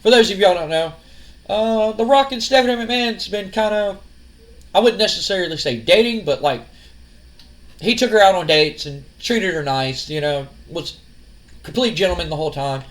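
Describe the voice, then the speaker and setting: A man's voice: high-pitched, normal speed. A man giving casual, rambling let's-play commentary as a gaming channel host. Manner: rambling, full of fillers and restarts.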